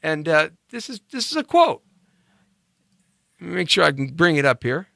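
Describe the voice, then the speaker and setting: A man hosting a live talk show pushes through an emphatic monologue, firing off rhetorical questions and repeating them. His voice sits high and swings widely in pitch, with a bright, forceful edge. The recording is dry and close. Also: very animated, normal speed, vocal fry, no room sound. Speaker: show host. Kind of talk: opinion monologue.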